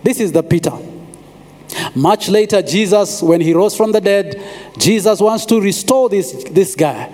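Preaching in a mellow voice pitched high for a man, this pastor leans on frequent pauses and repeated phrases for emphasis. A long reverb from a big hall trails his words.

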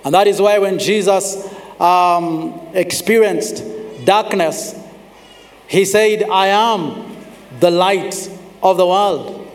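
A man preaching a sermon. He is emphatic, slows down on scripture and calls on the congregation to respond. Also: sits high. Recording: long reverb of a large hall.

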